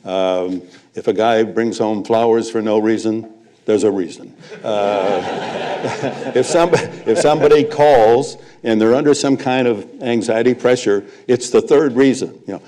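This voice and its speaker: An older man shares stories as a guest at a live event. His voice sits a little low. He tells them like a seasoned raconteur, with a chuckle after each punchline. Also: moderate pace, dark tone. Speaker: guest, veteran sportscaster. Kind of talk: storytelling anecdotes on stage. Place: live event before an audience.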